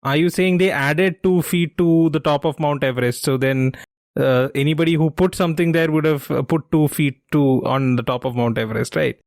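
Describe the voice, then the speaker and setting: A man co-hosting a trivia podcast, chatty and quick to laugh, who thinks out loud with many restarts. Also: fairly high pitch, fairly even intonation, no room sound, studio quality. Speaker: quiz podcast co-host. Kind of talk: casual quiz podcast chat.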